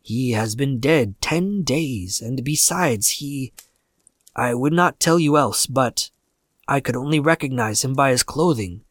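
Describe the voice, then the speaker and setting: A man's voice: mid-range voice, expressive, measured pace, a bit bright, no echo. A man reading aloud and voicing a frightened old father who speaks unsteadily and falters. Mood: fearful.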